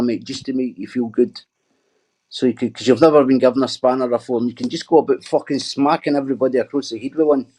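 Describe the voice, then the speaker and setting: A middle-aged man hosts a laid-back livestream, reading viewer comments aloud and firing back with sweary, mocking banter. His voice is medium-pitched and a little mellow.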